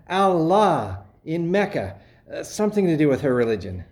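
A woman's voice: low voice, big pitch swings, normal speed, darkish tone. A woman reading the part of a nervous male restaurant owner in a play read-through, stammering through improvised excuses. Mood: flustered. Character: flustered male restaurant owner posing under a fake name.

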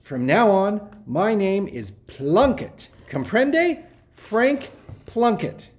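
An actor playing a scheming man who covers up with quick excuses in a comedic radio play. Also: sits high, big pitch swings, exaggerated voice. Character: scheming male fugitive covering up lies.

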